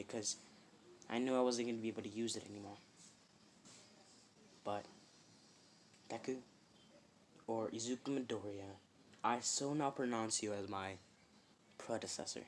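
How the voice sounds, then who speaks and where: A man's voice: slight background noise, natural voice. A man doing a weary old hero mentor. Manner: low, quiet and grave. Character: aging male hero mentor, solemn and weary.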